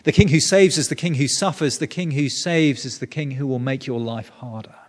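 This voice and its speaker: Earnest preacher in a reverberant hall. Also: male voice, medium pitch, brisk. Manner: earnest, explanatory, with frequent restarts. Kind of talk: sermon.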